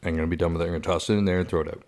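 A man's voice: sits low, steady tone, racing, a little mellow. A man hosting a podcast, chatting casually and enthusiastically with friends. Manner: enthusiastic, rambling. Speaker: podcast host. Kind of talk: casual chat.

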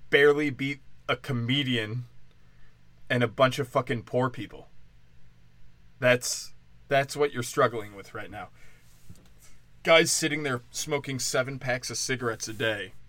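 A man's voice: medium pitch, fairly bright tone, no echo. A man hosting a comedy podcast, ranting in a crude, profane, sarcastic way and drifting off his point. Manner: off-the-cuff, loses his thread. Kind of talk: rambling comedic rant.

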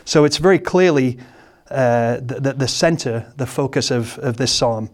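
A man preaching a sermon, explaining a psalm in a halting, searching way and often repeating words, then reading scripture slowly. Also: medium pitch. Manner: slow, measured scripture reading.

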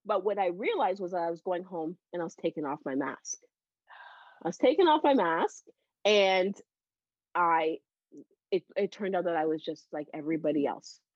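A woman's voice: on the low side, normal speed, dry recording. Candid woman telling her story, laughing. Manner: animated and heartfelt, laughs often between phrases. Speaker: podcast guest, psychotherapist. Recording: dull, slightly lo-fi dry audio.

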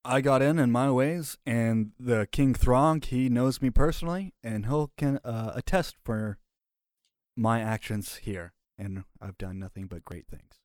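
A man's voice: mid-range voice, measured pace, darkish tone, dry recording, studio quality, natural voice. A man voicing a hungover, drunken adventurer who rambles and apologizes. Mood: pleading. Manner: rambling, apologetic, eager to please.

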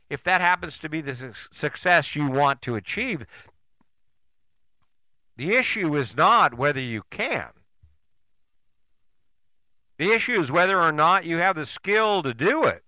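A man's voice: on the high side, bright, forceful tone, no echo. An older man, a podcast host, giving a blunt motivational monologue full of swearing and rhetorical questions.

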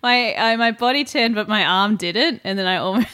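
A woman's voice: medium pitch, moderate pace, pushed and bright. A woman co-hosting a casual chat, talking in a giggly way that often trails off and restarts. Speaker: podcast co-host.

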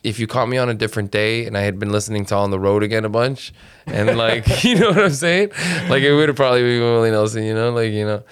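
A man's voice: fairly low pitch, fast talker, smooth. A man who is a stand-up comedian, chatting casually in a laid-back way, swearing often and calling people "man" and "dude". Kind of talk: casual podcast chat.

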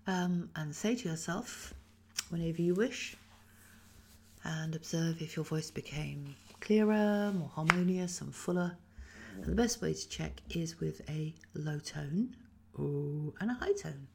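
An English woman guiding a Feldenkrais lesson, speaking slowly and softly with many whispered phrases, her voice tired after a weekend of talking. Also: sits low, gravelly, a little hiss or hum. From England. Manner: slow, soft-spoken guiding with frequent whispered phrases. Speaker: Feldenkrais teacher. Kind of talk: guided movement lesson.

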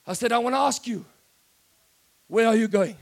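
South African male preacher, high-pitched, fiery and excitable, given to shouting. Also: normal speed, creaky. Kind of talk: sermon.

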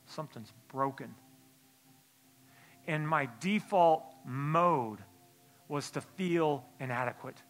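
A man preaching a sermon in church, telling a personal story in a hushed, halting voice, then building into a forceful exhortation. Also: on the high side. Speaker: pastor. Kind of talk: sermon testimony.

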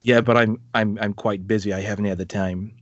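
Grave middle-aged American man in a suit, deeper voice, measured, acted by a man. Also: fairly even intonation, dry recording, dull audio, natural voice. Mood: earnest. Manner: slow, weighty dialogue.

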